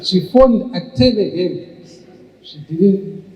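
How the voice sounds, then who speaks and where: A man's voice: high voice, animated, slow pace, warm tone, highs cut off. Older man telling stories in an echoey hall. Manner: anecdotal, with frequent restarts. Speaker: entrepreneur and speaker. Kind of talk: storytelling talk.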